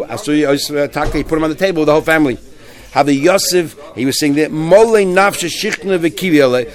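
A man teaching a Talmud class, retelling stories in a lively, halting way with many restarts. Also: on the high side. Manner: animated storyteller, many restarts and fillers.

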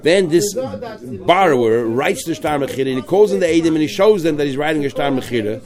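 Fast-talking man teaching Talmud. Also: on the high side, animated, crowd noise. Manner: rapid, mixing Hebrew-Aramaic terms with English, quotes lines. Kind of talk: Talmud study class.

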